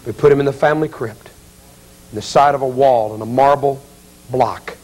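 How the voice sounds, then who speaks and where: A man preaching as an evangelist in an auditorium, telling a story with acted quotes and building to loud, pleading appeals. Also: medium pitch, normal speed, husky, low-quality recording. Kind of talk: dramatic revival sermon.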